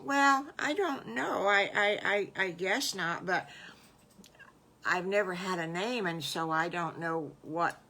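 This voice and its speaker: A woman's voice: on the low side, slow, sharp tone, heavily acted. An older woman voicing a sweet, timid little boy wolf who stammers and hesitates. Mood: earnest. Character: young male wolf cub, timid and sweet.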